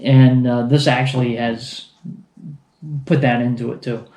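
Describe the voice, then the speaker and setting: A man co-reviewing beer in casual chat, halting and often restarting his sentences. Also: medium pitch, little pitch movement, dark tone. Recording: echoey room.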